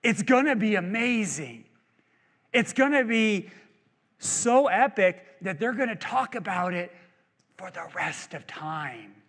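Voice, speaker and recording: A preacher putting on God as a breezy, offhand guy who sounds like he is chatting with a friend, with a high, lively, bouncing voice. It rings out in a long reverb in a church hall. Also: slow, heavily acted. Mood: excited. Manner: casual, playful, offhand. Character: God as a breezy, upbeat male voice.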